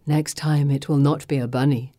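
A woman voicing a cold, steely sorceress in an audiobook, speaking low and measured. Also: steady tone, mellow, dry recording. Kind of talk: audiobook reading.

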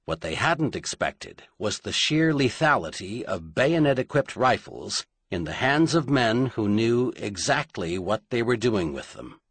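Male audiobook narrator, husky voice, dry booth sound, dramatic measured read. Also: lowish voice, very animated, fairly bright tone, no room sound.

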